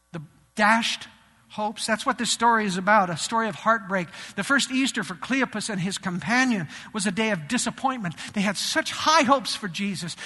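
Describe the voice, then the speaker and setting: A man delivering a sermon with a high, very bright and piercing voice. He swings between loud, animated preaching and hushed lows. The sound carries a long reverb from a church hall. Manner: animated preaching, rising and dropping his voice for emphasis. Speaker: pastor. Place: church sanctuary.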